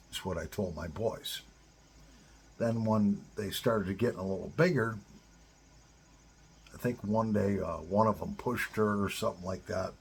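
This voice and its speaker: Blunt, very husky-voiced middle-aged man. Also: lowish voice, a little slow, pauses often. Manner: blunt, profane, direct address to men. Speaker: advice-giver to divorced fathers. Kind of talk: casual advice monologue.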